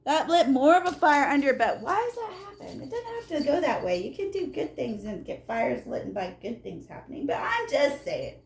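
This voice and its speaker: A woman's voice: sits high, moderate pace, gravelly, few pauses. Emphatic woman giving a casual tarot reading. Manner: animated, emphatic, repeats "okay?" to the viewer; blunt and salty, talks straight to the viewer. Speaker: tarot reader.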